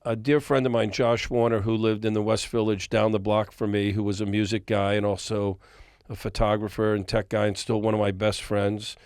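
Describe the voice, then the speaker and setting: A fairly low, clear, resonant voice comes at a brisk pace from this older music-industry figure guesting on a podcast. He tells long stories animatedly, acting out what people said, and the clean studio sound has no echo.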